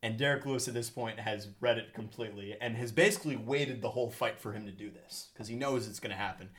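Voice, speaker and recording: A man's voice: lowish voice, quick pace, fairly bright tone. Chatty man hosting a podcast. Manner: chatty, rambling, laughs often. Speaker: podcast host. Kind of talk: casual chat.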